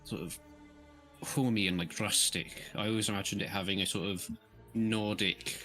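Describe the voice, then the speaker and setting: A man's voice: lowish voice, fairly even intonation, moderate pace, bright, forceful tone, faint music behind. A man playing in a tabletop game, rambling and self-mocking as he talks in a put-on Scottish accent. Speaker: player. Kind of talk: tabletop role-play in character.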